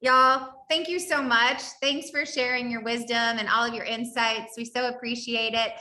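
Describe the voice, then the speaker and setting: A woman's voice: on the high side, steady tone, normal speed, sharp tone, reverberant. A woman with a Southern accent hosting a podcast interview, effusive and casual, often saying "y'all". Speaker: podcast host.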